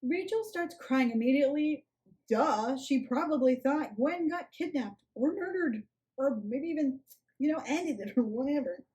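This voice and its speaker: A woman's voice: sits high, lively intonation, normal speed, dark tone. A young woman giving a sarcastic, casual rant review of a book, with snarky asides.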